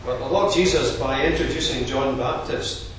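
A man preaching a sermon in a measured, earnest expository manner. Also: mid-range voice, a little hiss or hum. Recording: very echoey, distant room recording.

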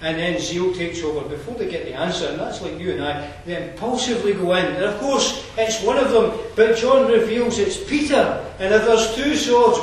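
A man preaches in a high-pitched voice, earnest and chatty, with asides and fillers. He is picked up from a distance in a church hall. Strong echo rings around him, with faint noise underneath. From Scotland. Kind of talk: sermon. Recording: roomy distant hall mic.

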